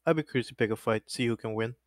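A man's voice: mid-range voice, racing. A young man co-hosting a casual podcast, easygoing, asking questions and laughing along. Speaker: podcast co-host.

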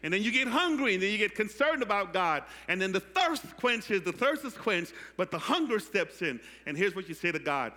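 A man pastor preaching a sermon, calling out to the congregation for responses and building from quiet teaching to loud preaching. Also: high-pitched, animated, brisk, hardly any pauses. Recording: echoey hall.

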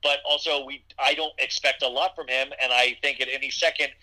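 A man's voice: medium pitch, steady tone, a little fast, bright, forceful tone, low-quality recording. A man hosting a podcast, chatting casually and rambling with lots of fillers and restarts. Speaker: podcast host. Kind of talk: casual chat.

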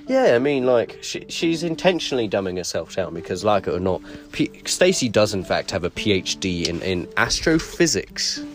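A man's voice: on the low side, very animated, moderate pace, few pauses, soft background music. A young man co-hosting a crude comedy podcast in a put-on English accent, rambling, swearing constantly and laughing a lot. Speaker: podcast co-host.

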